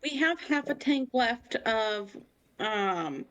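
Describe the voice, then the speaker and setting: A woman's voice: fairly high pitch, lively intonation, dull audio. A woman playing a tabletop game, laying out a practical plan in a casual way. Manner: quick, practical planning. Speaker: player.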